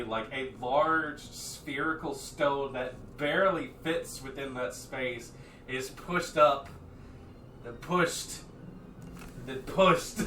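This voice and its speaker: Bright-voiced game master, roomy and distant. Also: male voice, medium pitch, a little hiss or hum. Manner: rambling, many fillers and restarts. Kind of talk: narrating a tabletop game.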